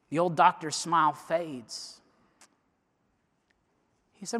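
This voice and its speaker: A high-pitched male preacher tells a dramatic story from the pulpit, his voice swinging from loud urgency down to hushed near-whispers. The sound carries a long reverb, as in a large church sanctuary. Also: moderate pace. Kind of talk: sermon illustration told as a story.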